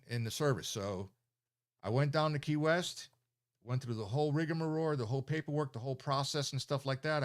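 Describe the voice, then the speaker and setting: Older male veteran livestreamer, loose and rambling, swears freely, mid-pitched voice. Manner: rambling, profane, many fillers and restarts. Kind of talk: casual storytelling on a livestream.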